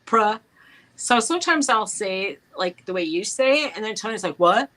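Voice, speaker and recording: A woman's voice: medium pitch, expressive, normal speed, fairly bright tone, low-quality recording. A middle-aged woman from New York talks in a casual, chatty way, with a plain New York accent. She tells her stories with animation and laughs easily. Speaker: co-host. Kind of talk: casual chat.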